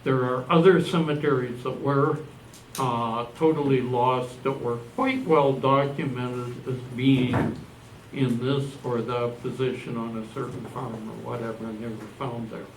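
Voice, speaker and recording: A man's voice: medium pitch, slight background noise. An older man from Canada giving an informal presentation to a live audience, rambling a little and correcting himself as he goes. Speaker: presenter at a genealogy society talk. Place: meeting room. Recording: echoey room recorded from a distance.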